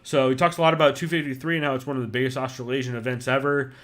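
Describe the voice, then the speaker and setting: Brief: male podcast host, mid pitch, rambling casual delivery, swears freely. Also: flat delivery, rapid-fire, a bit bright. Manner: loose and profane, many fillers.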